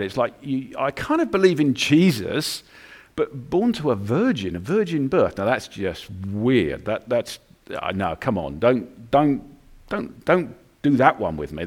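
Chatty male preacher, lively pitch, lots of restarts and little acted voices. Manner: conversational, many restarts, lively acted asides. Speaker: pastor. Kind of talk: sermon.

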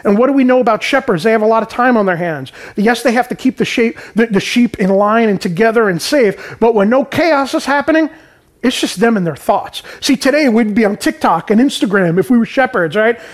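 High-voiced man preaching casually. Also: expressive, brisk. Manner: informal, peppered with "right?" and "man"; explains scripture in everyday terms. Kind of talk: conversational sermon.

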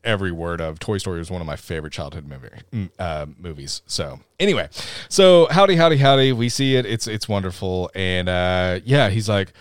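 A man's voice: deep voice, brisk, hardly any pauses, dry recording, clean studio sound. A man co-hosting a casual movie review podcast, joking and rambling through scene recaps. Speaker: podcast co-host.

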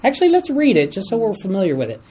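A teacher leading a Bible study class, asking group members to read verses and explaining them in an animated way. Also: mid-range voice, rapid-fire, slightly rough, low-quality recording. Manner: animated, asks the class for readers, chuckles at stories. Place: room with a class.

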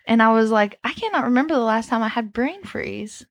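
A woman co-hosting a podcast, telling an animated story in casual chat and laughing between lines. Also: a little high, brisk, no echo. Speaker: podcast co-host.

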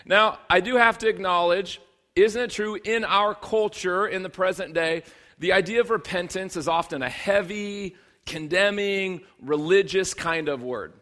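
A man's voice: sits high, a little slow, fairly bright tone. A man in his thirties, a pastor preaching a sermon in a conversational, humorous way, building to emphatic bursts.

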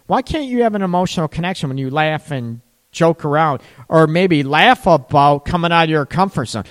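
A middle-aged man giving casual, rambling relationship and sex advice, now and then acting out worried voices. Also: fairly high pitch.

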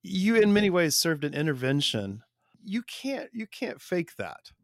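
A man's voice: on the high side, big pitch swings, unhurried, no room sound, clean studio sound. A male podcast host with a Midwestern American accent, affirming and emphatic as he talks with his guest. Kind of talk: interview conversation.

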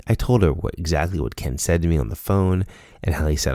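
Low-voiced guy talking earnestly, mellow tone, dry close sound. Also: fairly quick, no room sound. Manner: earnest, storytelling with quoted dialogue. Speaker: speaker sharing a personal lesson. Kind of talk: casual monologue.

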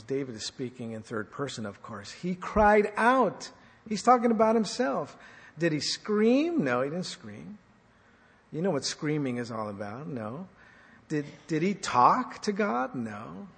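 A man's voice: a little high, very animated, measured pace, creaky, breathy edge. Man preaching in an echoey hall. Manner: dynamic preaching, swings loud and soft, rhetorical questions. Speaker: pastor. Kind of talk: sermon.

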